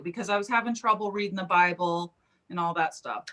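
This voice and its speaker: A woman's voice: fairly low pitch, fairly quick. A woman, a psychic medium, telling a personal story in an interview and acting out the quoted speech. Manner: animated, acts out quoted speech.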